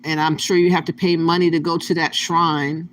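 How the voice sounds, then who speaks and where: A man hosts his channel with casual, plain-spoken reaction commentary, his voice a little on the high side. A faint hiss of noise sits under his talk. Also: flat delivery, moderate pace, a bit bright. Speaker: channel host.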